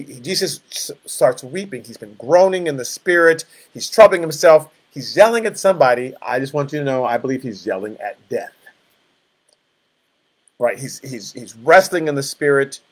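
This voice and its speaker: A man leading a Bible study, reading scripture aloud and breaking it down with casual, conversational asides. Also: a little high. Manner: reads scripture then explains it in casual asides. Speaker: pastor.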